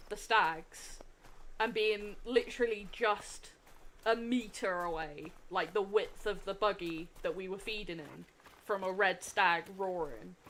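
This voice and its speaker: A woman's voice: medium pitch, fairly bright tone, slight background noise. A young adult woman streaming a game, chatting casually with a giggly, effusive and rambling manner. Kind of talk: casual gameplay livestream chat.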